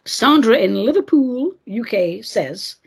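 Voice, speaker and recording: Lady host going off on a sarcastic rant, breathy voice, all over the place in pitch. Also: animated, slow pace. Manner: sarcastic, ranting, scornful. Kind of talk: opinionated commentary show.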